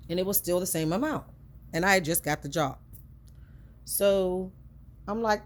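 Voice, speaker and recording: A woman's voice: lowish voice, moderate pace. Earnest woman telling a personal story. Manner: earnest, emotional, conversational with repetitions.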